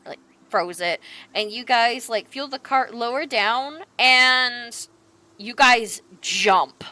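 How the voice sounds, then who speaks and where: A woman narrating a tabletop game as game master, in an animated way with lots of fillers. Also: on the high side, takes it slowly, dry recording, poor audio.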